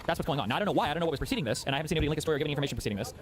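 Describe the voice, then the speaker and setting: Rapid-fire man streaming commentary. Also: a little high, expressive. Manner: rapid, profane, argumentative, thinking aloud. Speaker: live streamer reacting to chat. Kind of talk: live reaction commentary.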